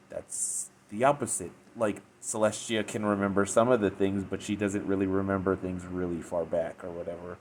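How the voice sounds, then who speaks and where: A man's voice: on the low side, a little mellow, a little hiss or hum. A man giving a casual spoken review of a story, rambling with lots of fillers and restarts. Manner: rambling, filler-heavy retelling with frequent restarts. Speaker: fanfiction reviewer.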